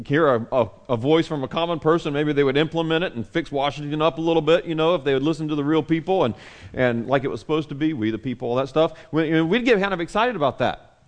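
Animated preacher man, slightly high voice. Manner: animated, acts out quotes loudly then drops to soft hushed tones. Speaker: pastor. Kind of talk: sermon.

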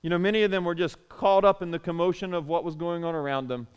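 A pastor preaching an animated sermon, full of rhetorical questions, moving between loud and soft. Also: male voice, high voice, fast, clean tone, dull audio.

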